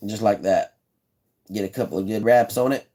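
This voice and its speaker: This man's voice is lowish and mellow, at normal speed. Live-streaming, he casually shows how he builds fishing rods, talking in a chatty, folksy, laid-back way, repeating himself and answering viewers' chat messages.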